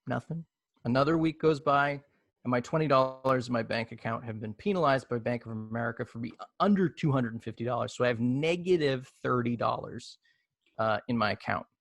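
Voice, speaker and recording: A man telling a long comic story in a deadpan, mock-formal way over a video call. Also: mid-range voice, gravelly, dry recording.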